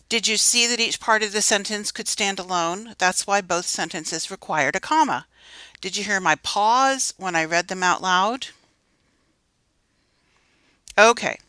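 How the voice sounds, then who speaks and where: A woman explaining writing rules to learners, clear and patient, and she reads her example sentences slowly out loud. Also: lowish voice, no room sound, low-quality recording. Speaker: writing teacher. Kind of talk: instructional explanation.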